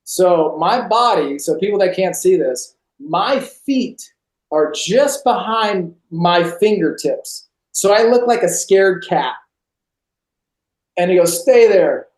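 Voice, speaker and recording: A man from California, a podcast guest telling his personal testimony over a video call, lively and acting out scenes. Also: sits high, slow. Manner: animated storyteller, acts out scenes. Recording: roomy echo.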